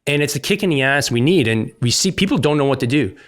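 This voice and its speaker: A man's voice: mid-range voice, lively intonation, fast, fairly bright tone. A middle-aged man with an English-speaking Canadian accent, a podcast guest in casual conversation, outspoken and joking with lots of fillers.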